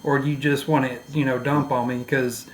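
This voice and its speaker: A man's voice: medium pitch, little pitch movement, fairly quick, echoey room, a little hiss or hum, rough recording. A man from East Texas, a podcast guest talking candidly in casual conversation, with swearing and self-deprecating humor.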